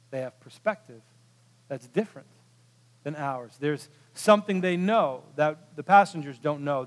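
Man, pastor, sermon, high-pitched, storytelling, loud to hushed, long hall reverb. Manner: storytelling with animated quotes and big shifts from loud to hushed.

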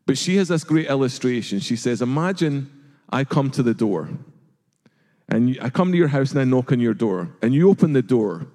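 This middle-aged man, a pastor, preaches with a medium-pitched, sing-song, dark-toned voice at a moderate pace. He is earnest and full of rhetorical questions, occasionally performing quoted voices, and a large hall gives the sound a long reverb.

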